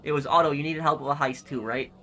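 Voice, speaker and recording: A man's voice: fairly high pitch, fairly even intonation, fast, bright, forceful tone, slight background noise. Chatty male game streamer. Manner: rambling, friendly, with frequent restarts. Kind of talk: casual livestream chat reading comments.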